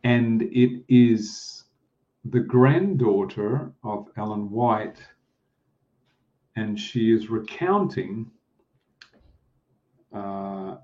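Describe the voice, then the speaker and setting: A mellow-voiced man preaches in a slow, deliberate way, pausing often between phrases and leaning on fillers. The recording is lo-fi and somewhat muffled. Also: on the low side. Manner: slow, halting delivery with pauses and fillers. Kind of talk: slow, deliberate sermon with prayer. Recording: dull, muffled lo-fi sound.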